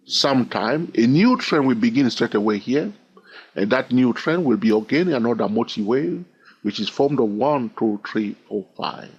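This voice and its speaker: A man's voice: mid-range voice, expressive, normal speed, husky, highs cut off. A man teaching a chart lesson, counting waves aloud and often checking in with "all right?". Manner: repetitive, keeps asking "all right?"; counts wave numbers aloud in a sing-song way. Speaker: trading instructor.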